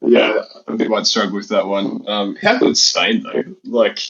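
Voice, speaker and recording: A man in casual chat, animated and enthusiastic, stumbling over his first words. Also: lowish voice, moderate pace, slightly rough, dull audio. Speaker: podcast guest, tabletop wargame player.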